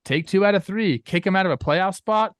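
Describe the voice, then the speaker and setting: A man co-hosting a baseball talk show, opinionated and animated in casual chat. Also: high voice, brisk, smooth, no room sound, clean studio sound.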